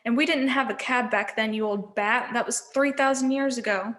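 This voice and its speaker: A woman's voice: a little high, normal speed, a bit bright, lightly acted. A woman voicing a quarrelsome, wailing old hag who drives a taxi, in a storybook reading. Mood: shrieking. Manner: wailing, shrieking.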